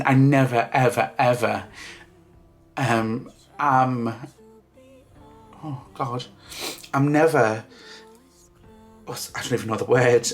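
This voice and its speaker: A man talking through tears in a casual vlog, halting and restarting with many fillers as he thanks friends. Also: mid-range voice. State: crying. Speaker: vlogger.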